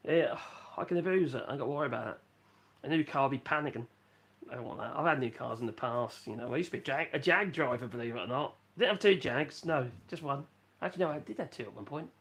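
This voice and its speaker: A man's voice: mid-range voice, a bit bright. Rambling Norfolk man chatting live. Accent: Norfolk English. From England (Norfolk). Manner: rambling, chatty, self-mocking, reads chat aloud. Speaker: live-stream host. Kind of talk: casual live-stream chat. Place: rural home in France.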